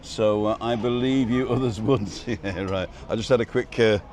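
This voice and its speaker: A man's voice: fairly low pitch, moderate pace, a little mellow. Chatty male live-stream host outdoors. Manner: chatty, reads out viewer comments, jokey. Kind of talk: casual live-stream chat. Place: restaurant terrace outdoors. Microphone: wireless microphone.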